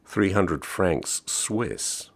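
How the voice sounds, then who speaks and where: A man reading aloud voices a blunt, insistent American traveller, curt and persistent, with a deep, husky, creaky voice. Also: animated, very slow, exaggerated voice. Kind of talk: audiobook reading.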